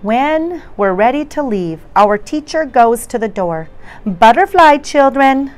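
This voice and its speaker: A woman reading a children's bedtime story aloud in a gentle, unhurried way. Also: a little high, sing-song.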